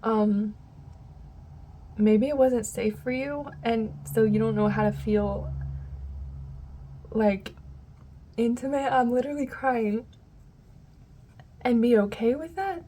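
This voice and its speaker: A woman's voice: fairly high pitch, slow pace, pauses often, warm tone, slight background noise. A woman giving a casual tarot reading to her viewers, rambling and often losing her train of thought. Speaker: tarot reader.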